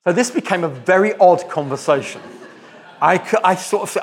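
Lively, fairly high-voiced male preacher. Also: normal speed. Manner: direct, conversational, joking asides. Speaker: visiting preacher. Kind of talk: sermon.

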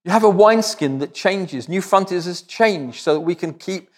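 A man's voice: sits high, lively intonation, normal speed. A man preaching as a visiting speaker, direct and conversational, with joking asides to the congregation. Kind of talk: sermon.

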